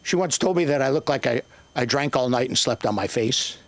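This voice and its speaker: An older man doing profane, rambling stand-up comedy at an open mic, with sudden shouted bursts. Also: medium pitch, a little fast. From Northern Ireland.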